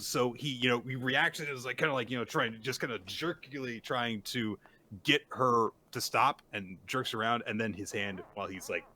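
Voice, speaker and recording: A man casually recapping a manga chapter on a podcast, animated and playfully acting out the characters in quick silly voices. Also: medium pitch. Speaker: podcast co-host.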